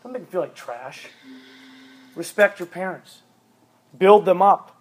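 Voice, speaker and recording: A youth pastor in his thirties delivers a sermon to teenagers in a high, animated, unhurried voice. He is emphatic and repetitive, hammering home each point and repeating commands for stress.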